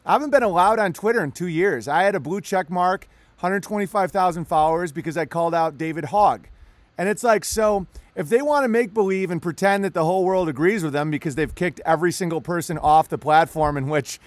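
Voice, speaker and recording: High-voiced, rambling, profane podcast guy. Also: fairly quick, dry recording. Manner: rambling, profane, stammering, laughs often. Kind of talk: casual podcast conversation.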